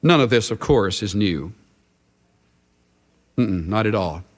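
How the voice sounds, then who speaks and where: A man's voice: fairly low pitch, animated, slow pace, long reverb tail. A man preaching a sermon as a Bible teacher, emphatic with dramatic shifts of emphasis.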